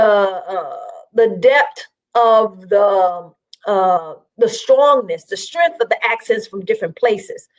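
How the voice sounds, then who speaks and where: A woman from South Carolina, a guest on an interview show, telling her story in an animated, chatty way with frequent fillers. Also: on the high side, low-quality recording.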